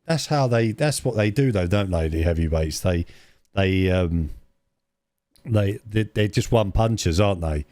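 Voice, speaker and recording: A man's voice: low-pitched, animated, a little slow, a little mellow, dry recording. A man co-hosting a podcast, rambling in casual chat, repeating words and adding tag questions. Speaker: podcast co-host.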